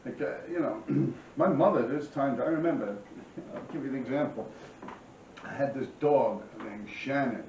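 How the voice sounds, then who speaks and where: A New York City man in his forties with a New York accent hosts a vlog from his small apartment, telling rambling, profane street stories. His mid-range voice is a little mellow at a moderate pace, picked up by a camera across the room, so the sound is roomy, distant, and dull with slight background noise.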